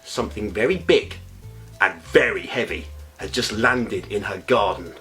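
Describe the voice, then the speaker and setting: A man narrating a bedtime story in a playful, expressive way, with comic asides. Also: fairly low pitch, unhurried, soft background music.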